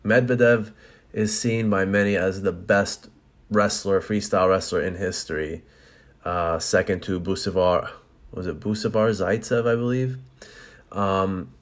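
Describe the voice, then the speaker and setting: A man's voice: deep voice, a little slow. A man who competes in jiu-jitsu, telling match stories and giving blunt, profane advice in a casual way. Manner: blunt and profane, animated storytelling.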